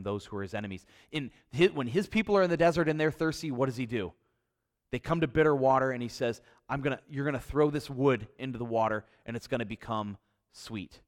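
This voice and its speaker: A middle-aged man teaching a Bible study in a conversational way, stumbling over and repeating words, swinging between emphatic highs and quiet low passages.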